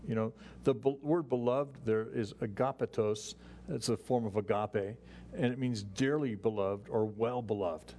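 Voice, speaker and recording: A man teaching a Bible study as a pastor, in a relaxed, conversational way with frequent restarts and asides. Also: lowish voice, measured pace, slight background noise. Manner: relaxed and chatty, many "you know"s and restarts, chuckles.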